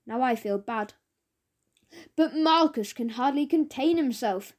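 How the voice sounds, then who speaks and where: Woman narrator for a kids' audiobook, high voice, lively cheeky delivery. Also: measured pace. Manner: lively first-person storytelling as a cheeky schoolboy. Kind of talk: children's audiobook reading.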